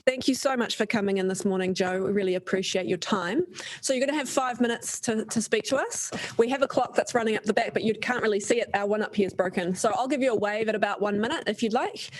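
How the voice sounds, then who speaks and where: A woman's voice: mid-range voice, fast, rough recording. A New Zealand woman chairing a council hearing, friendly and appreciative as she thanks speakers and organises the session. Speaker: meeting chair.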